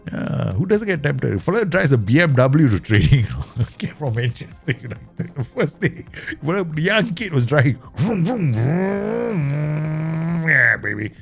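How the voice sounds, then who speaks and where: Guy w streaming a footy manager game, gravelly, pitch jumping all over, laughs a lot. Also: normal speed, few pauses. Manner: excitable, laughs often, animated pitch swings. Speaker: gaming streamer. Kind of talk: casual game commentary.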